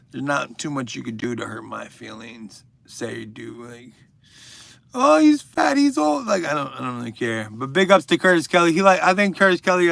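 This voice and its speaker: Gravelly joking man riffing with chat. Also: on the high side, a bit bright, no room sound. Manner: joking, crude and rambling, addressing viewers by name. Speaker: livestream host. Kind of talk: casual chat reading viewer comments.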